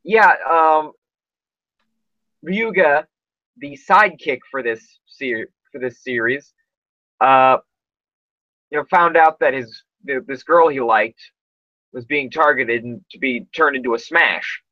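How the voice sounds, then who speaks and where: A man's voice: mid-range voice, slow pace, pauses often, no room sound, lo-fi sound. Chatty male podcast host, dry sound. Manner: rambling with many fillers and restarts. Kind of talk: casual chat.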